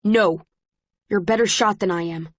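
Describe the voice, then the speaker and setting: A woman reading the lines of a steady, protective young man in an audiobook, in a low, firm delivery. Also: moderate pace, no echo, lightly acted. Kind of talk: audiobook character voice.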